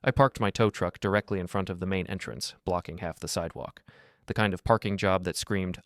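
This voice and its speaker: Brief: low-voiced man, gruff story narrator, dry close sound. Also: fairly even intonation, fairly quick, a bit bright, no room sound. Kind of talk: scripted first-person story narration.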